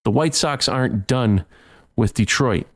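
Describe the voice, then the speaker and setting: A man's voice: mid-range voice, measured pace. Heated man ranting on a sports podcast. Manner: heated, repetitive, stumbling over words. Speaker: podcast host.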